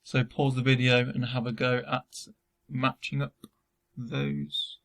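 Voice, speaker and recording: Gravelly male teacher, remote lesson. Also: mid-range voice, slow. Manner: relaxed explaining with frequent ums. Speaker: school Spanish teacher.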